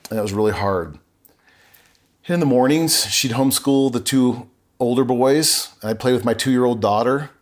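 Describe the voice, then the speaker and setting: A man's voice: medium pitch, moderate pace. A middle-aged man, a podcast guest, telling his personal story in an earnest, openly emotional way with frequent restarts.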